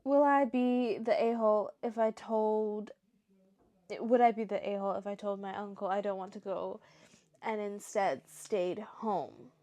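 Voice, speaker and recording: A woman's voice: medium pitch, fairly even intonation, unhurried, mellow. A young woman reading stories aloud for her show and breaking off into emotional, chatty reactions. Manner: emotional, chatty asides between read passages. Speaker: story reaction host.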